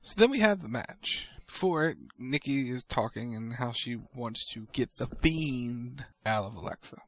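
Playful man hosting, lively pitch. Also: no room sound, poor audio. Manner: playful, quick ad reads. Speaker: host. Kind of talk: casual wrestling recap chat.

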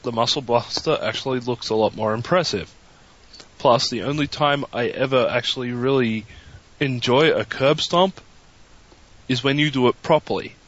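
A man's voice: mid-range voice, moderate pace, a bit bright, lo-fi sound. A man co-hosting a casual podcast, speaking earnestly with stammered restarts. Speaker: podcast co-host. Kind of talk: casual chat.

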